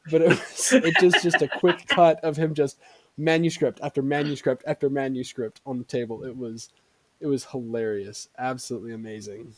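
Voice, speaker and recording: A man's voice: mid-range voice, fairly even intonation, moderate pace, no room sound. A man hosting a tabletop game as game master, chatting casually and laughing easily before the session starts.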